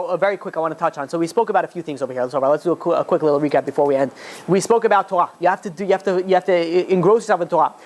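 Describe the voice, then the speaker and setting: A man, a rabbi, giving an informal class in a conversational way, with many fillers and restarts, sometimes rising into high, emphatic urging. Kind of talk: informal Torah class lecture.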